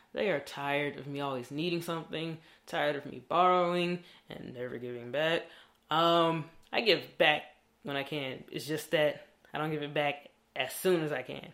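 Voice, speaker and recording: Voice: mid-range voice, a bit bright. A young adult vlogger talking in a candid, rambling diary style and swearing freely. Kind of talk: casual diary vlog.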